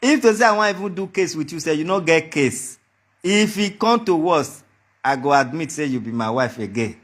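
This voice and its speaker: A Nigerian man with a high-pitched voice delivers a heated monologue straight to the camera. He taunts and mocks throughout, circling back to the same threats again and again. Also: expressive, normal speed, fairly bright tone. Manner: taunting and mocking, repeats his threats. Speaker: vlogger.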